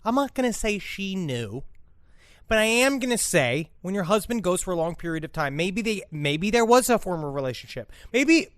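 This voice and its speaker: A man's voice: sits high, very animated, normal speed, fairly bright tone, no echo, clean studio sound. A man co-hosting a true-crime comedy podcast, rambling and swearing and often laughing as he riffs. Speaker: podcast co-host. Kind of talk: casual comedic chat.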